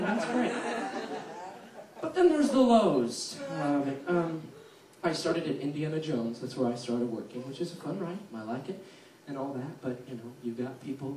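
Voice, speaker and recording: A male comedian delivers a stand-up set with a sarcastic, storytelling manner, and his pitch swings widely as he talks. He is recorded from a distance in a small theater, so the sound is roomy and echoey. Faint noise sits under his voice. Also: expressive, brisk, a little mellow. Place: small theater with a live audience.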